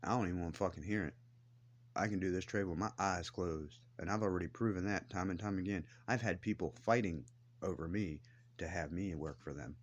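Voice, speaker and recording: A vlogger with a deep voice rants angrily to the camera, speaking a little fast. He's blunt and defiant, swearing heavily as he lays out his grievances.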